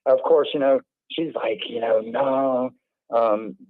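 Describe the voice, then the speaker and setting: A man's voice: mid-range voice, slow, no room sound. Guy hosting a call-in stream, rambly, keeps repeating himself, sounds like a phone line. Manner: rambling, repeats words, animated asides. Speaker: livestream host. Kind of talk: casual call-in chat. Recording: tinny phone-like line, dry.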